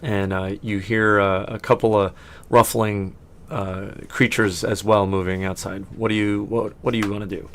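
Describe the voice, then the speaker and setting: A man's voice: fairly low pitch, level tone, normal speed, fairly bright tone, slight background noise. A man narrating as game master of a tabletop game, rambling and often correcting himself.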